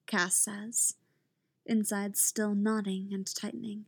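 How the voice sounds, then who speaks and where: A woman narrating a story aloud in a calm, even reading voice. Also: mid-range voice, measured pace, no room sound. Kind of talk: reading fan fiction aloud.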